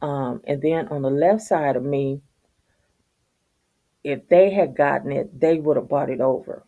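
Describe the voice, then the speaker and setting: Low, slow-talking woman ranting casually. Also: phone-quality sound. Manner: profane, animated, laughs while telling. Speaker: vlogger. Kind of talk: casual storytelling rant.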